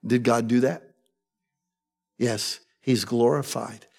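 A male pastor preaching a sermon, animated, often acting out eager voices with sudden jumps in pitch. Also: takes it slowly, gravelly.

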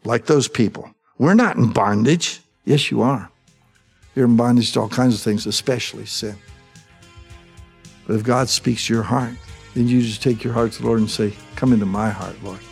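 A man's voice: mid-range voice, moderate pace, gravelly, breathy edge, faint music behind. Middle-aged pastor guy preaching, chatty, keeps asking the crowd true? right?. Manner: conversational, asks the congregation for agreement. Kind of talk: sermon.

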